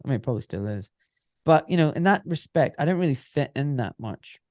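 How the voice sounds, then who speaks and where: A man's voice: mid-range voice, expressive, a little fast, a little mellow, no room sound, clean studio sound. A Scottish man in his forties, an orthopaedic surgeon, telling stories in a casual, rambling interview full of filler phrases. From Scotland.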